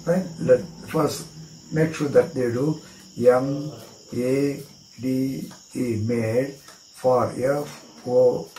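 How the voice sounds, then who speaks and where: Indian guy explaining a card trick, mellow voice, echoey room w/ faint crickets. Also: mid-range voice, slight background noise. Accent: Indian English. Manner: spells words out letter by letter, repeats chants. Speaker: magic teacher.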